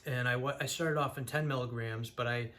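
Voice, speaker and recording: A man's voice: mid-range voice, steady tone, a little fast, a bit bright. A man telling a personal story to his viewers in a candid, earnest way, often restarting his sentences. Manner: earnest, frequent restarts, rising to heated when recounting anger. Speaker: vlogger sharing his mental health story.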